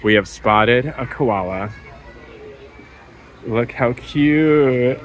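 A woman's voice: rumbling low, drawn-out words, poor audio. A woman vlogging a family day at an outdoor zoo, playfully teasing and chatting with her kids. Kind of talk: casual family vlog chat.

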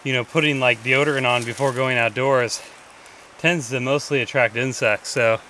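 A man's voice: mid-range voice, steady tone, moderate pace, bright, forceful tone, low-quality recording. A young man chatting casually on a hike, laid-back, with short remarks. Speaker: vlogger's partner. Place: outdoors on a creek trail in the woods. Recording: outdoor camera audio with stream noise.

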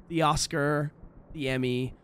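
A hoarse man who is sick, chatting sarcastically and swearing while streaming a game. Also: fairly high pitch, steady tone, takes it slowly, a bit bright, a little hiss or hum. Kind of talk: casual gaming stream commentary.

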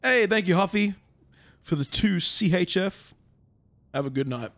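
A man's voice: high-pitched, expressive, unhurried, gravelly, fairly bright tone. A young man from California chatting casually with his live-stream audience, laid-back and talkative. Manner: laid-back, chatty, reads and answers chat. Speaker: game streamer.

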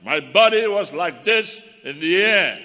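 A man's voice: high-pitched, animated, a little slow, bright, forceful tone. A man, a minister, giving a fervent testimony sermon to his congregation. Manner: fervent preaching, addresses the congregation as saints. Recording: long hall reverb with faint crowd.

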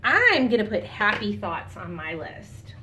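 A woman teacher giving a lesson to young children, patient and encouraging, guiding them calmly. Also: mid-range voice, unhurried, a little hiss or hum. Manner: calm, soothing guidance.

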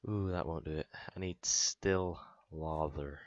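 A man's voice: rumbling low, fairly even intonation, a little slow, dry recording, dull audio. A man hosting a gaming channel, narrating his own moves in a playful let's play commentary with sound effects.

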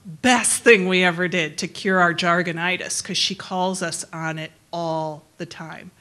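Plain-spoken woman presenter, lowish voice. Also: fairly even intonation, measured pace, pushed and bright. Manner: friendly, plain-spoken, laughs easily between points. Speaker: public health researcher giving a presentation. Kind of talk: conversational presentation to a forum.

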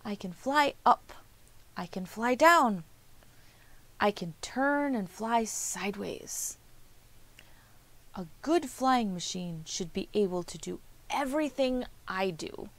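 A woman voicing a cheerful, wise little bird in a children's story, with a high chirping voice. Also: lively intonation, takes it slowly. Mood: chirpy.

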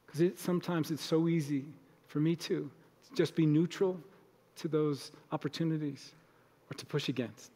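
Male pastor with a high voice in a reverberant church. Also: steady tone, normal speed, dark tone. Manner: conversational, acts out short everyday exchanges. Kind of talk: sermon. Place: church sanctuary.

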